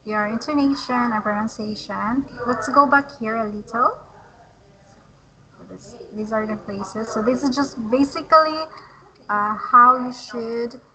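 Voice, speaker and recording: A woman tutoring English, patient and encouraging, modeling words slowly for a learner. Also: a little high, pushed and bright, rough recording. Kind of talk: online English lesson.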